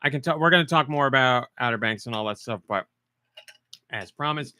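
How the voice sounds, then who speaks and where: A man's voice: medium pitch, a little fast, bright, forceful tone, clear, resonant tone, no echo. Playful man hosting a podcast. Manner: playful, reads chat comments aloud while eating. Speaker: podcast host. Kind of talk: casual podcast chat.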